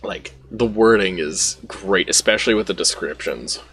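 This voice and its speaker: A man's voice: low-pitched, normal speed, hardly any pauses, fairly bright tone, soft background music. A man hosting a let's play, making self-deprecating asides while reading a game aloud. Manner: self-deprecating asides between read lines. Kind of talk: casual gameplay commentary.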